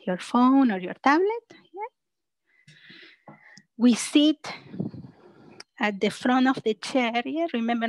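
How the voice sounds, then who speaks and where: Woman yoga instructor, unhurried, higher voice, soft breathy exhales, dry close sound. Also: no echo, rough recording. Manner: gentle, soothing cues with frequent "yeah?" checks; breathy sighs and soft whispered cues on exhales. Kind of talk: guided chair yoga class.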